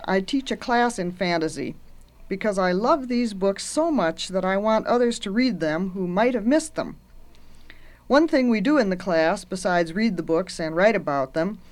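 Middle-aged woman teacher, gentle and earnest, talking about favorite books. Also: mid-range voice. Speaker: university teacher.

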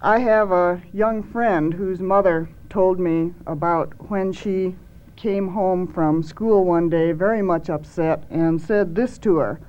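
A woman's voice: lowish voice, slow, darkish tone. A woman children's author talking thoughtfully on an educational radio program. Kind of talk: reading her own story, then radio conversation. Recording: dull lo-fi old radio recording.

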